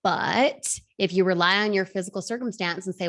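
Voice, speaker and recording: A woman in her thirties coaching an online class, energetic, firing rhetorical questions at the audience. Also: fairly low pitch, a little fast, few pauses. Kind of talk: motivational class talk.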